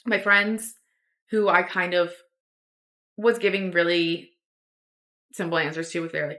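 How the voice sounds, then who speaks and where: A woman's voice: medium pitch, moderate pace, long pauses, sharp tone. A young woman telling a personal story on her podcast, rambling with lots of fillers and restarts. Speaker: podcast host.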